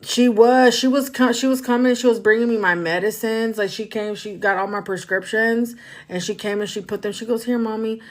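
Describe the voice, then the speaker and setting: A woman's voice: fairly high pitch, fairly even intonation, brisk. Woman spiritual reader, loose livestream chat, rambles and repeats, speaks to the viewers directly. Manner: rambling, repeats herself, talks to viewers as "y'all".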